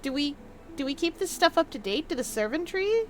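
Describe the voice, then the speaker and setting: With a high voice, big pitch swings, and a brisk delivery, a young woman hosts a gaming video, giving playful, chatty let's-play commentary. Now and then she reads notes aloud in a mock old-fashioned manner. A little hiss or hum can be heard.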